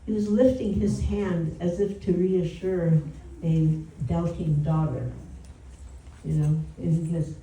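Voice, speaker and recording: Woman with a mellow, low voice. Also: steady tone, takes it slowly. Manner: conversational, frequent "you know" asides. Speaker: speaker at a devotional home program. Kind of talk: storytelling talk. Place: indoor gathering room. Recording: roomy and distant from the mic.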